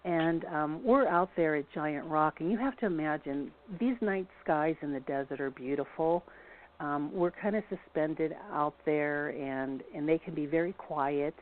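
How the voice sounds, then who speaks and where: Woman, local historian, rambling storyteller, lowish voice, tinny phone line. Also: a little slow. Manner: rambling, many restarts and fillers. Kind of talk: casual storytelling on a phone-in show.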